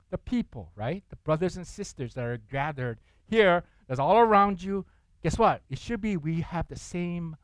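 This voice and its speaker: A man preaching a sermon with animated delivery, putting on excited voices in the quotes he acts out and asking the congregation questions. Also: high voice, dry recording. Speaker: pastor.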